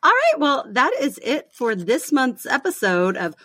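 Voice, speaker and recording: A woman's voice: sits high, huge pitch swings, unhurried, sharp tone, no echo, studio quality. A woman co-hosting a podcast in casual, jokey chat, laughing often. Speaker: podcast co-host.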